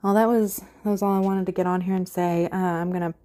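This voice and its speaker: Emotional woman podcast host, low mellow voice. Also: fairly even intonation. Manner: halting, many fillers, near tears. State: emotional, holding back tears. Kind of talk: casual heartfelt update.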